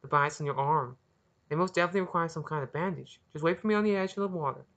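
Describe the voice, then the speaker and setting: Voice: mid-range voice, fast, fairly bright tone, voice pushed up, natural voice. A reader voicing a charming, playfully mocking young man in an audiobook of their own story. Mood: teasing.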